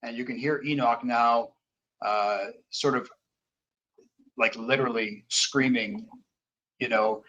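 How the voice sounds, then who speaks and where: A man narrating as game master for a horror tabletop game, halting with fillers. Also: mid-range voice, rough recording. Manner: halting, many fillers, lively.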